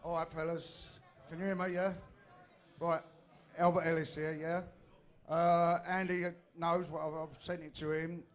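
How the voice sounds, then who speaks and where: A man speaks from the floor of a meeting. He is plain-spoken and sweary, and his voice sits a little high. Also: little pitch movement, measured pace. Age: 60s. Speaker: audience member.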